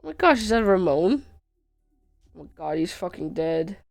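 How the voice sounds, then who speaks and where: A woman's voice: lowish voice, very animated, normal speed, gravelly, darkish tone. A woman streamer chatting casually through a puzzle game, sick and sleepy, playful and self-mocking. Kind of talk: casual gameplay commentary.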